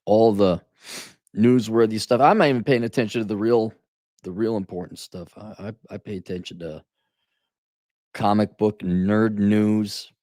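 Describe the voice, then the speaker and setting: A man's voice: on the low side, normal speed, warm tone, no echo, studio quality. A tired man hosting a solo podcast, ranting with sarcasm and profanity. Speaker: podcast host. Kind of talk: casual solo podcast rant.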